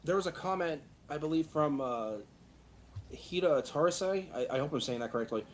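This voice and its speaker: A man's voice: a little high, lively intonation, moderate pace, slight background noise. A man in his thirties hosting a live stream, rambling enthusiastically and restarting his sentences. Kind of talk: casual group chat on a live stream.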